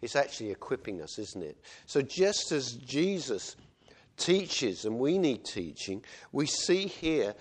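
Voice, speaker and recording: A man's voice: medium pitch, very animated, a little slow, breathy edge. A man preaching a sermon in a conversational way, often asking "isn't it" and acting out quotes. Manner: conversational, with tag questions and acted quotes.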